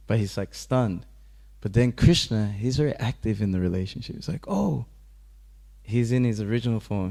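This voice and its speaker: Male speaker with a lower-pitched voice, leading a casual temple class and narrating with light laughter. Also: creaky. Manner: relaxed, chuckling, acts out characters' lines with raised pitch. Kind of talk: casual devotional class storytelling. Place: temple room.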